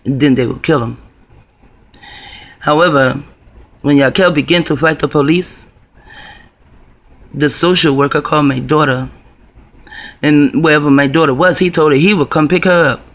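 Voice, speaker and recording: A man's voice: fairly high pitch, normal speed, long pauses, fairly bright tone. A man telling a personal story to camera in a rambling, profane, conspiratorial way. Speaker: video blogger.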